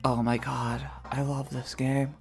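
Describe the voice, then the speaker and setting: A woman hosting a let's play, giving casual, profane, excitable commentary and mimicking characters. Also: rumbling low, measured pace, over music.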